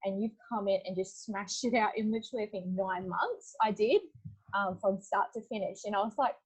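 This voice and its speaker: Animated young woman with a husky voice. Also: mid-range voice, a little fast, low-quality recording. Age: young adult. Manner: animated, laughs often, acts out quoted lines. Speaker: podcast guest. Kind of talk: casual storytelling.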